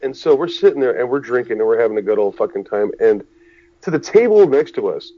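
A man's voice: medium pitch, fast talker, highs cut off. Profane man telling a story. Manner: animated, profane, acts out the people in his story. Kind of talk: casual storytelling with friends.

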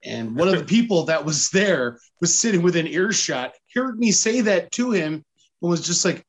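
A man's voice: sits high, animated, normal speed. A man telling a long story in casual podcast chat, acting out the lines of the people in it. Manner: rambling storyteller, acts out quotes. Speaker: podcast host.

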